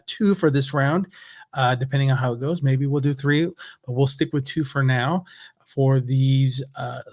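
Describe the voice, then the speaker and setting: A man's voice: medium pitch, no echo, studio quality. Upbeat man hosting a livestream. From California. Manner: chatty and upbeat, greets viewers by name. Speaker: livestream host, education evangelist. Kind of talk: casual livestream teaching. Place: home office in Texas.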